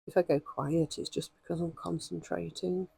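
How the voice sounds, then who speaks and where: A woman with a hoarse voice, chatting and rambling with many ums as she demonstrates stitching in a craft vlog. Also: on the low side, fairly even intonation, normal speed, dark tone, no echo. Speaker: craft vlogger.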